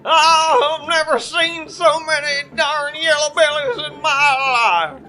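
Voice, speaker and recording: A man doing a gruff blustering cowboy. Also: very high-pitched, slow, bright, forceful tone, faint music behind, pitched above the performer's own voice, heavily acted, rough recording. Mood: blustering threat. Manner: blustering, folksy, threatening. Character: rough hostile cowboy man at a saloon. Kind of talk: improvised podcast skit.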